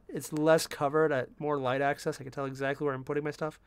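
A man talking casually to viewers as he paints miniatures, relaxed and self-deprecating, muttering to himself about small mistakes. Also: fairly high pitch, fast, hardly any pauses, smooth. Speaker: miniature painting channel host.

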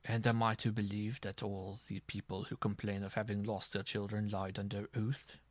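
Man doing a cool stern judge, low and quiet, slow and ominous. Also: no room sound, studio quality, lightly acted. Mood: ominous calm. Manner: calm, ominous, measured. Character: calm, stern older male judge.

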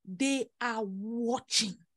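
A woman's voice: on the high side, extremely slow, a bit bright, dry recording, studio quality. A woman delivering prophecies in an emphatic, repetitive preaching style with dramatic exclamations. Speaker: prophetess leading prayer. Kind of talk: prophetic sermon over prayer call.

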